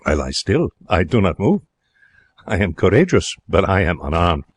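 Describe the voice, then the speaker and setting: An actor playing an excitable young Frenchman in a radio drama, speaking broken English in a French accent with theatrical, emotional delivery. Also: low voice, moderate pace, husky, no room sound, full character voice. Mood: wistful. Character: young excitable romantic Frenchman, former hotel cashier. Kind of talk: 1940s radio drama narration.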